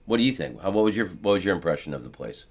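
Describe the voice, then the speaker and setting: Very deep-voiced man telling stories. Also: big pitch swings, rapid-fire, background noise. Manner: storytelling, putting on voices for quoted people. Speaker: podcast host. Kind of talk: casual chat.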